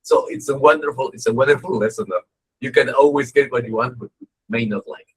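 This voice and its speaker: A man's voice: medium pitch, fast talker, husky, poor audio. A man giving a humorous, conversational lecture as a dharma teacher, telling stories and often checking in with "right?". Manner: animated, joking, conversational, frequent "right?".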